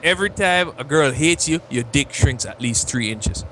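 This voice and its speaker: A man with a middle-pitched voice chimes in during casual podcast banter. His tone is wry and teasing. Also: lively intonation, normal speed, pushed and bright, slight background noise. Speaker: co-host or guest.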